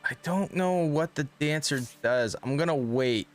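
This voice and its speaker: A man's voice: on the high side, a little slow, soft background music. A man streaming a video game, reading its text aloud with casual, joking asides. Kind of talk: casual let's-play commentary.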